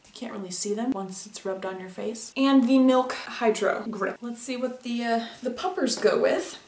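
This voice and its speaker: A chatty woman with a slightly high voice, talking casually as she does her makeup at home. She rambles and laughs easily. The room around her sounds echoey. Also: normal speed, darkish tone. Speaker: beauty vlogger. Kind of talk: casual makeup vlog chat.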